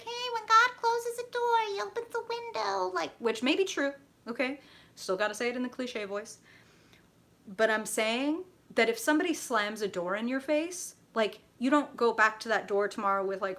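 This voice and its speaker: A talkative woman reads tarot cards on a livestream. She chats loosely with her viewers, laughs easily and drops the odd swear word. Her voice sits at a middling pitch. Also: fairly bright tone. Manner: chatty, laughs often, swears, talks to viewers by name. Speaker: tarot reader hosting a livestream. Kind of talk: casual live tarot reading.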